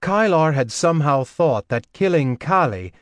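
A man narrating a fantasy audiobook in a measured, steady reading on a close mic. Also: on the high side, dry recording. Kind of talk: scripted narration.

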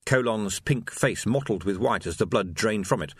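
Guy reading an audiobook, lively up and down voice, wry, super dry close mic. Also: lowish voice, normal speed, few pauses, breathy edge, dry recording. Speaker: audiobook narrator. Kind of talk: scripted narration.

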